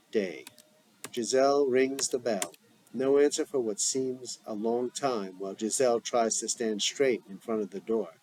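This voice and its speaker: Man reading a script aloud with stage directions; plain, deliberate, even. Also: medium pitch, slight background noise, poor audio. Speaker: script reader.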